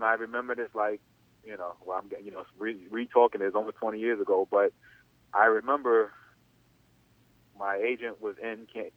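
This is casual spoken storytelling from a former athlete in his thirties, a guest on an interview, whose long, rambling tale is packed with "you know." His pitch is fairly low. There's no room sound, and the audio comes across dry and tinny, like a phone line.

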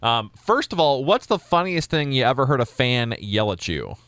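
A man's voice: mid-range voice, big pitch swings, normal speed, background noise. A man hosting a casual interview, asking questions in an upbeat, chatty way. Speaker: podcast host.

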